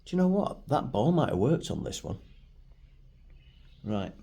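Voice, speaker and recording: A man's voice: mid-range voice, big pitch swings, measured pace, vocal fry, warm tone, husky. A middle-aged man with a Manchester accent, chatting and rambling casually as he reviews food at home for his vlog. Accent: Manchester English. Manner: rambling, chatty, self-deprecating. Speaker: food vlogger. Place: home, at a table.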